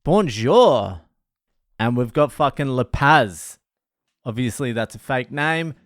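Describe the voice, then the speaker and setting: A man tells his day in a casual vlog, swearing freely and laughing at his own anger. His voice is smooth and clear, recorded close and dry with no room around it. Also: medium pitch, a little slow, fairly bright tone, no echo. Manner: sweary, ranting, laughs at himself. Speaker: comedian and first aid trainer.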